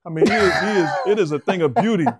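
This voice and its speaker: A man's voice: high voice, breathy edge. Emphatic middle-aged man breaking down basketball. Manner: measured, emphatic basketball analysis. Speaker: host. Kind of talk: sports talk commentary.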